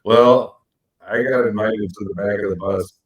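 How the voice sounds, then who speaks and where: A man co-hosting a podcast, telling animated stories and acting out quotes with big jumps in his voice. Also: on the low side, measured pace, slightly rough, highs cut off. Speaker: podcast co-host. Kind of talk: casual storytelling chat.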